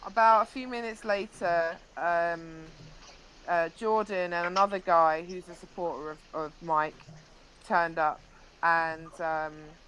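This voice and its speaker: A woman's voice: fairly low pitch, fairly bright tone, slight background noise, low-quality recording. A young woman, a live-stream interview guest, animatedly recounting an incident with frequent restarts.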